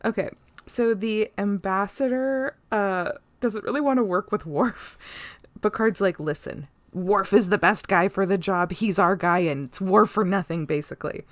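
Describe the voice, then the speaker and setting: A woman's voice: mid-range voice, moderate pace, no echo. A woman co-hosting a podcast, recapping an episode in casual chat, rambling, laughing often and swearing casually. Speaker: podcast co-host.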